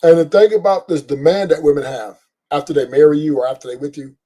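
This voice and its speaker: High-voiced profane man ranting on a podcast. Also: fast talker. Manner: profane, boisterous, animated asides. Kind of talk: casual storytelling rant.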